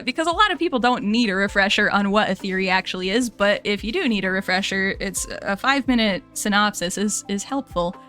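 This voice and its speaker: A woman's voice: medium pitch, pushed and bright, clean tone. A young American woman streamer, chatting casually to her viewers, rambling and laughing and correcting herself as she goes.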